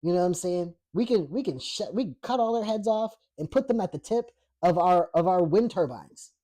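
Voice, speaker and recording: His voice sits high, mellow and animated, and he talks briskly. As podcast host, he rambles through a crude, blunt political rant, restarting often and using fillers, cracking up at live chat comments.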